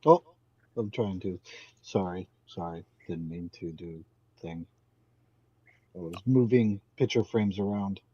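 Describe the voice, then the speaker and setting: A man's voice: deep voice, unhurried, pauses often, dark tone, husky, dull audio. A man introducing himself as a player in a tabletop game, speaking casually and hesitantly. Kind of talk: casual chat.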